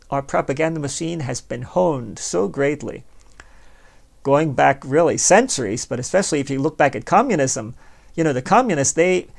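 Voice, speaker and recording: A male podcast host with a creaky, high-side voice talks straight to the listener. Sardonic and rambling, his conversational philosophical monologue has him playing both parties in an imagined dialogue.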